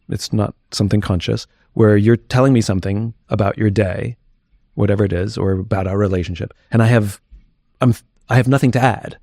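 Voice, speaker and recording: A man's voice: lowish voice, mellow, dry recording, clean studio sound. A man talking candidly as an interview guest, reflective and thinking aloud as he goes.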